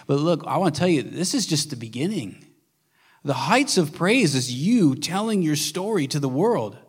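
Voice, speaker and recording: A male pastor preaching a sermon with earnest, shifting emphasis, at times dropping to a hush and then building up again. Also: fairly high pitch, very animated, moderate pace, husky. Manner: earnest preaching, swings between hushed and emphatic. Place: church sanctuary.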